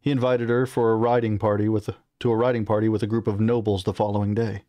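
A man reading a fantasy novel aloud, steady, with occasional slips he corrects. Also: lowish voice, quick pace, dry recording. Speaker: reader.

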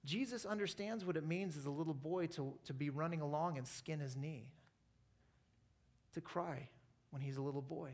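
A man with a notably high voice preaching at a church service in an American accent. He talks earnestly and conversationally, dropping easily into personal stories and light asides. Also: normal speed, darkish tone. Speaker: pastor. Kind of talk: sermon.

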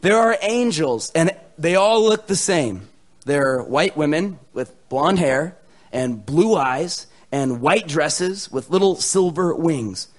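A young American man delivers a sermon with a somewhat high-pitched voice. He jokes with his audience in a lively way and swings from loud proclamations down to hushed, almost whispered lines. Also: takes it slowly. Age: young adult. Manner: animated, joking, swings between loud and hushed. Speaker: pastor. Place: church hall with a live audience.

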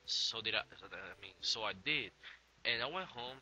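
Young male vlog host, tipsy, rambling and profane, with a sharp, very bright voice. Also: mid-range voice, expressive, brisk, poor audio. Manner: rambling, swearing, laughing between lines. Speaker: gaming channel host. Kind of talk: casual profane vlog chat.

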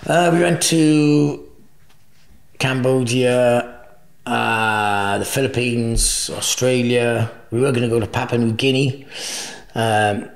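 Slow and fry-tinged, a mid-range male voice belongs to a forties-aged podcast guest sharing rambling anecdotes, laughing a lot and cursing without restraint. It's a casual storytelling interview, and the recording sounds roomy and echoey.

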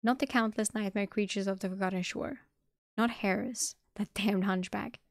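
Gravelly-voiced woman reading a novel aloud. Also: medium pitch, normal speed, no room sound, studio quality. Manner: dramatic reading, bursts into excited reactions. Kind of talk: live-streamed audiobook reading.

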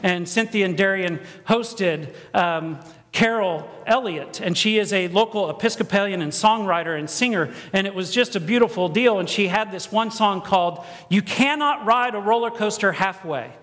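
High-pitched male preacher, animated storyteller, recorded in a reverberant church. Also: normal speed. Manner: storytelling, animated, acts out quoted voices. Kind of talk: sermon. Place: church sanctuary.

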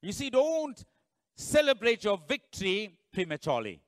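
A man preaching a sermon as pastor, telling the story dramatically and swinging between loud bursts and low, hushed lines. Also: sing-song, normal speed, no echo.

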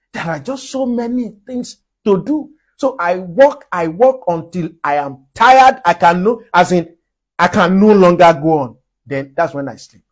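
A man's voice: fairly high pitch, slightly rough. A man from Nigeria preaching a sermon, emphatic, with frequent laughs between his points.

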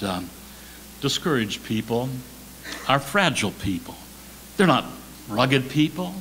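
A man preaching a sermon as associate pastor, swinging between loud emphasis and soft, near-whispered lines, repeating key words slowly. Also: medium pitch, lively intonation, slight background noise, rough recording. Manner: slow deliberate preaching with repetition. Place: church sanctuary.

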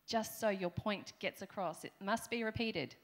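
A woman's voice: medium pitch, normal speed. A middle-aged woman with an Australian accent preaching a conversational sermon in a church, with playful asides to the congregation. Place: church hall.

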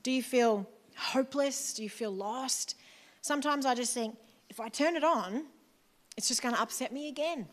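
A woman's voice: high voice, normal speed. A woman pastor with an Australian accent giving a chatty, conversational sermon in church, with asides to the congregation.

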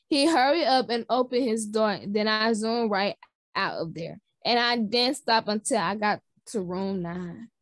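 A woman reading a children's book aloud, halting and restarting words. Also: fairly high pitch, no echo. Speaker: reader.

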